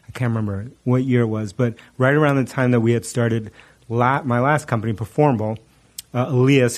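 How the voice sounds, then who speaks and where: A middle-aged man spins a story in relaxed conversation, breaking into laughter often. His telling is animated and loose, full of fillers and restarts. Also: mid-range voice. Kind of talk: casual storytelling chat.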